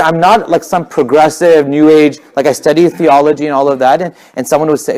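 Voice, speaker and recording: A young man telling a religious story in a casual, animated way, with many fillers and restarts. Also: a little high, a little fast, hardly any pauses. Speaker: speaker at a community talk.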